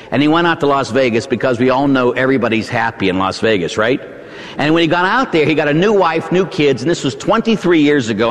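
A male Catholic priest with a Pittsburgh accent preaches in a conversational, folksy style, tossing in tag questions as he talks. His pitch swings widely and lively. The sound carries a long church reverb. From Pittsburgh, United States. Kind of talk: sermon.

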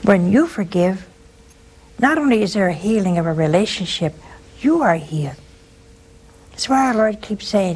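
A woman hosts a faith call-in show, mid-pitched and easygoing. She preaches through homely stories in a chatty, folksy way. Faint background hiss sits under her voice. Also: lively intonation, a little slow, long pauses, darkish tone. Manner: folksy, anecdotal, conversational preaching. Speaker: religious call-in show host. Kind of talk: spiritual talk and storytelling.

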